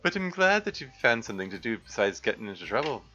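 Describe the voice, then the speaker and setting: A dry, teasing older brother with an attempted Yorkshire accent, played by a man, sarcastic and a touch above his normal register. The sound is bright and sharp but dull and lo-fi, with faint music behind. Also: mid-range voice, very animated, fast talker, pitched above the performer's own voice. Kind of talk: voice-acting a visual novel.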